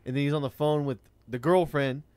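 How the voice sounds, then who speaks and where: A fast, blunt man spins a profane story from his driving days, his voice sitting a little high for a man. The sound is dry and close, with no room around it. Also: steady tone, darkish tone, no room sound. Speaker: rideshare driver telling a story. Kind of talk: casual storytelling chat.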